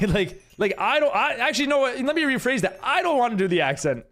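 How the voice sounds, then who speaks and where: There's faint music behind this young male streamer, whose very high-pitched voice is sing-song, a bit bright, and a little fast. He chats away during his gaming livestream, reading out viewers' messages and reacting to them.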